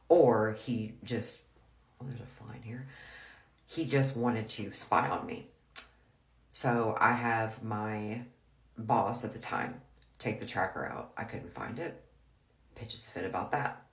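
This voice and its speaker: A woman's voice: rumbling low, measured pace, pauses often. A woman telling a personal story in a frank, blunt, casual way, full of "like". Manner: frank, blunt, heavy use of "like". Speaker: storyteller vlogger. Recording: roomy echo.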